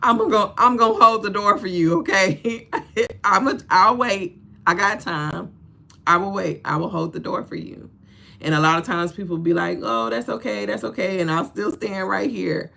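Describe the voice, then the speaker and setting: A woman's voice: mid-range voice, moderate pace, vocal fry. A woman hosting a casual livestream, talking straight to her viewers with lots of laughter and preachy encouragement. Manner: animated, laughs often, talks straight to viewers. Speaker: livestream host.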